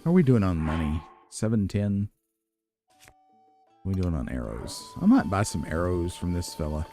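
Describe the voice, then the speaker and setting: Male let's-play host, mellow low voice, animated pitch, soft game music behind. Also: moderate pace. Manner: relaxed, musing, chuckles at himself. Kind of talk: casual gameplay commentary.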